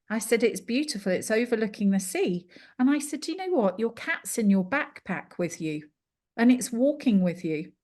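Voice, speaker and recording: A woman's voice: on the high side, darkish tone. British woman telling a story with many ums. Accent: British English. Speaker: clairvoyant and yoga teacher. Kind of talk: recounting a reading in an interview.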